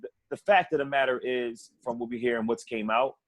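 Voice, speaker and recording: A man's voice: mid-range voice, a little fast. A man co-hosting a sports podcast in casual chat, rambling and profane, often laughing between his points. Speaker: podcast co-host.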